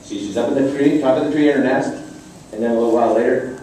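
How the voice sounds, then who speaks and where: A man gently reading a children's picture book aloud, adding casual asides. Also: medium pitch, fast, a little hiss or hum. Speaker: storybook reader. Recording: echoey room from far off.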